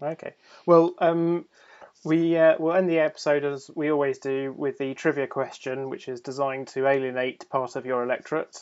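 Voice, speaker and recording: Low voiced lady host, dry wit, lots of uhs, kinda muffled. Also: level tone, normal speed, a little mellow. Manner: wry, hesitant, many uhs. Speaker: podcast host. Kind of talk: interview hosting.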